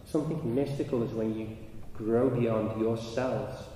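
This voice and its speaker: A man's voice: medium pitch, steady tone, unhurried. Man, conference talk, storytelling, long hall echo, distant mic. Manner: storytelling, rising and loud in anecdotes. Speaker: speaker. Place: large hall. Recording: echoey hall, mic from afar, noisy.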